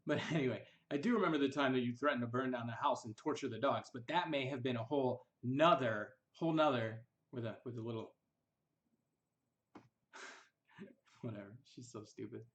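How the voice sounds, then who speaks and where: A young man talks straight to the camera about his past. His delivery is casual and rambling, with a bitter edge, and his voice sits in an ordinary middle pitch. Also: normal speed, fairly bright tone. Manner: bitter, rambling, quotes others in mocking voices. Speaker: vlogger recounting family history. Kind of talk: casual personal storytelling.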